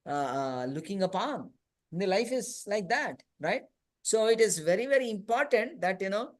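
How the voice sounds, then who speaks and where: A man teaching a youth scripture class in a conversational storytelling manner, often adding "you know" and "right?". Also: high voice. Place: temple hall.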